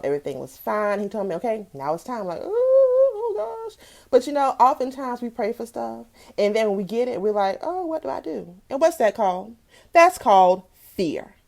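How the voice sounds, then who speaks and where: A woman's voice: medium pitch, a little mellow. A woman in her thirties from South Carolina telling a personal story on a live stream, greeting viewers by name as she goes. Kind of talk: casual testimonial talk.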